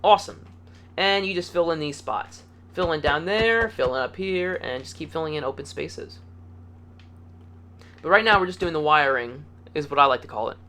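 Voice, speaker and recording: A man's voice: on the high side, lively intonation, moderate pace, sharp tone, slight background noise. A man hosting a casual video game building tutorial, upbeat and chatty, counting blocks aloud as he goes. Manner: upbeat and chatty, playful words, easygoing.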